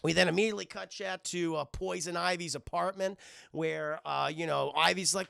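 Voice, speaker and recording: A man recapping a cartoon for his livestream chat, profane and animated. His voice sits high with a heavy gravelly fry. The recording is close and completely dry. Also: a little fast, dry recording. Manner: animated, swears constantly, addresses chat.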